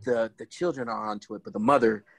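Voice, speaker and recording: A man co-hosting a casual movie talk show, animated and laughing often as he acts out quotes. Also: fairly low pitch, fast, vocal fry, slightly rough, no room sound. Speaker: podcast co-host.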